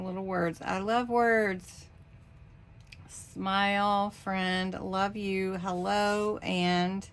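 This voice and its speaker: A woman hosting a craft channel, casually opening mailed craft cards and thanking senders with warm, gushing praise. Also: mid-range voice, a little hiss or hum.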